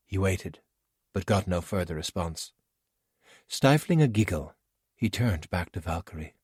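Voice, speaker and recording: A man narrating an audiobook with expressive storytelling. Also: low-pitched, unhurried, long pauses, breathy edge, no room sound, clean studio sound. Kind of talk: scripted narration.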